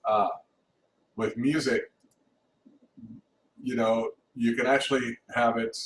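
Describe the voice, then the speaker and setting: A man teaching music theory in an informal recorded lesson, talking haltingly with many restarts and counting beats aloud. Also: medium pitch. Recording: roomy, distant mic, faint hum.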